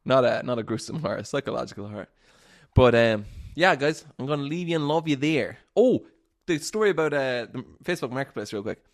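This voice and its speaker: A man's voice: medium pitch, lively intonation, brisk. Young guy doing a solo podcast, rambly and chill, cursing and laughing through his stories, regular mid voice. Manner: rambling, swears freely, laughs often. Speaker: podcast host. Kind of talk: casual solo storytelling.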